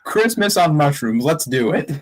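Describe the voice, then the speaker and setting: A man's voice: a little high, big pitch swings, moderate pace. A man in casual chat on a livestream, enthusiastic and joking.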